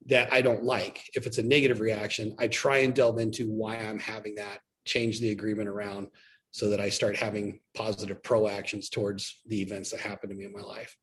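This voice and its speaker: A man, a restaurant owner, talking in a casual podcast conversation, opinionated and given to acting out little quotes. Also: on the low side. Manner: opinionated, mixes in acted quotes.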